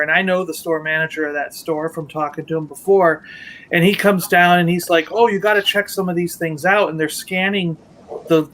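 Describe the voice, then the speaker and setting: A man's voice: on the high side, a bit bright, slight background noise, rough recording. A man co-hosting a casual toy-collecting livestream, telling a long story in a rambling way, restarting and acting out what others said. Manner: rambling, retells conversations with restarts. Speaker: Lego merchandising rep.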